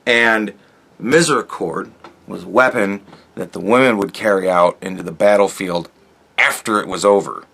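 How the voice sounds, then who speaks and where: A podcast host delivers a casual, rambling monologue full of swearing, swinging between loud outbursts and low mutters. His voice is gravelly and his speed normal.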